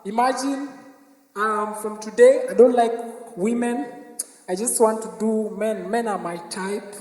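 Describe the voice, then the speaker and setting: A man voicing an earnest young man confiding in a parent in a soft, hushed, drawn-out way. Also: high voice, fairly even intonation, voice pushed down. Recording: reverberant live recording from a distance.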